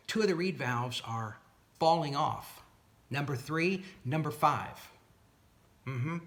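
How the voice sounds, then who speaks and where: A man telling a long story about a dispute over his boat motors, reenacting both sides of the talk and sounding fed up and incredulous. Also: fairly high pitch. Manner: animated retelling with exasperated, incredulous asides. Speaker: boat owner recounting a dispute. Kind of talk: casual storytelling to camera.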